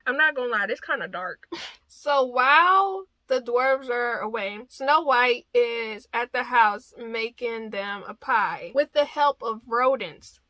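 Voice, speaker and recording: A woman's voice: a little high, lively intonation, a little slow, sharp tone, no echo. A young adult woman recapping a film in a casual, chatty way, full of joking, wry asides.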